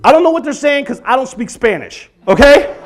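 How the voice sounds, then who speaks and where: This animated storyteller, a man in his forties, does a comedy monologue at a church event, bursting into singing and screaming as he acts out his stories. He talks quickly in a very high-pitched voice, with a slight hiss or hum on the audio.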